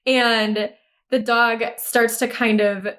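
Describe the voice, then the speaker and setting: Speaking slowly in a fairly bright, rather high voice with fairly even intonation, this woman co-hosts a podcast. She casually recounts a film's plot, blunt and laughing a lot, cursing freely as she performs the dialogue.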